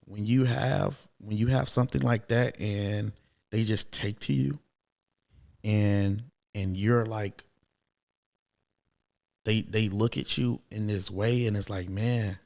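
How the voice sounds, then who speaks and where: Low gravelly-voiced man telling a story. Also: slow pace, long pauses. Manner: animated, acts out quoted voices, many fillers. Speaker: podcast guest. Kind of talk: casual personal storytelling.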